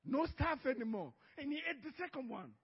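A man's voice: very high voice, big pitch swings, brisk, gravelly, big-room sound, dull audio. A man preaching a sermon as pastor, telling a story with frequent laughter and acted-out dialogue.

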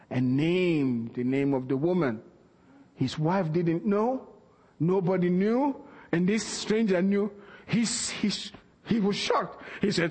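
A man preaching a sermon, telling a story and acting out the dialogue with lively energy. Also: sits high, unhurried. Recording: long reverb of a large hall.

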